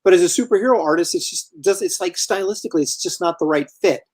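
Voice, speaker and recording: A man's voice: high voice, fast. A man hosting a live stream, chatting casually and teasing his guest. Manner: joking, teasing, relaxed. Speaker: host.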